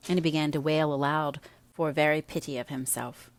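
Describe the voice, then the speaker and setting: A woman narrating a classic novel as an audiobook reader, in measured storytelling. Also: low voice, fairly even intonation, no room sound.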